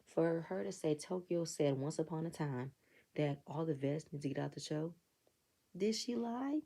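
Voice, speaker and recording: Gravelly low-voiced woman, blunt recapper. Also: fairly even intonation, normal speed, mellow. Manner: blunt, profane, exasperated. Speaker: reality TV reviewer. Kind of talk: casual recap commentary.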